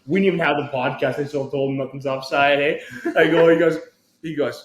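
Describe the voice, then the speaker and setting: A man's voice: fast talker, slight background noise. A man co-hosting a podcast, telling a long rambling story full of fillers and acting out the quotes with big swings in his voice. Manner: animated, acts out quotes with big pitch swings, many fillers. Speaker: podcast co-host. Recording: roomy echo.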